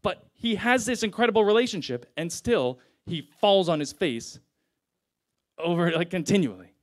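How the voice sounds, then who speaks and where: A man's voice: sits high, expressive, normal speed. A young man preaching a sermon in a casual, conversational way, retelling scripture in everyday slang.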